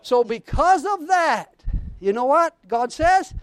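A man preaching a sermon as pastor, fervent and calling out to his congregation, reading scripture with rising excitement. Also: very high-pitched, takes it slowly, dry recording.

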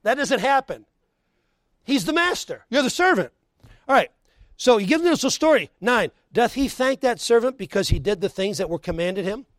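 A male pastor with a high voice and big pitch swings preaches at normal speed, moving between loud emphasis and hushed tones and slipping folksy asides between scripture readings. He closes with a prayer and altar call, and the recording has no room sound.

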